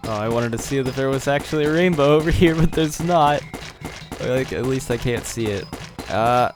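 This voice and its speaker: A man's voice: mid-range voice, normal speed. A man giving casual gameplay commentary, rambling in chatty asides. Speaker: gameplay streamer. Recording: game music loud underneath.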